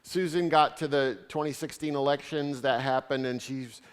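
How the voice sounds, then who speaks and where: A man's voice: medium pitch, fairly even intonation, normal speed, smooth. A man speaking as a visiting theologian, answering audience questions with stories and wry asides. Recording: reverberant hall sound.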